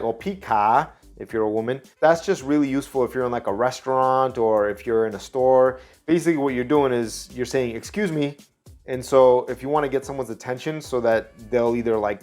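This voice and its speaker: Relaxed man teaching phrases. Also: mid-range voice. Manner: relaxed, chatty, explains slowly. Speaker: travel video host. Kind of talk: casual language lesson.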